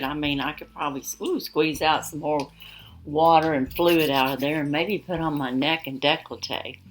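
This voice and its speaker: A woman vlogging at home, chatting to viewers in a gushing, rambling way. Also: sits low. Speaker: beauty vlogger. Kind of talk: casual chat to viewers.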